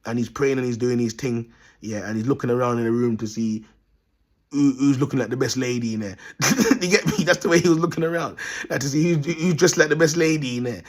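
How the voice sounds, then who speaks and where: Husky London man telling rambling stories. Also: mid-range voice, fairly quick. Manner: slangy, repetitive, bursts of laughter, addresses "people". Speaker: self-styled prophet vlogger. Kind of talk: rambling storytelling to viewers.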